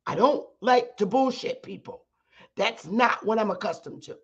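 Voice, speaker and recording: A middle-aged woman holds forth on her own livestream, blunt and combative, cursing freely as she lays down her rules. Her voice has a husky, breathy edge. The audio comes through dull and lo-fi. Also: medium pitch, lively intonation, moderate pace. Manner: blunt, profane and combative, rising to shouts. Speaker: channel host teaching her audience. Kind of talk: heated livestream monologue.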